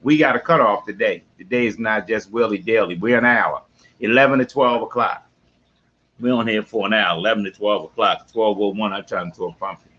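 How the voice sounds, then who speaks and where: A man's voice: on the low side, brisk, muffled recording. Hype Baltimore man hosting a podcast. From West Baltimore. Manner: loud, hype greetings, slangy and folksy. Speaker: podcast host. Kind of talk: casual live sports podcast talk. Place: home man cave.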